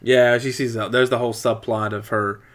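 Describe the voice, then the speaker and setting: A man's voice: medium pitch, moderate pace. A man casually recapping a movie plot as a podcast co-host, with wry asides. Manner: animated retelling with wry asides.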